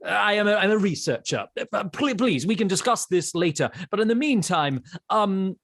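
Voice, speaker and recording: A man voicing a polite, fussy male ghost researcher who speaks in genteel, halting phrases. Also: high voice, lively intonation, fairly bright tone, dry recording, clean studio sound, pitched above the performer's own voice, heavily acted. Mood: urgent. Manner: halting, full of ums.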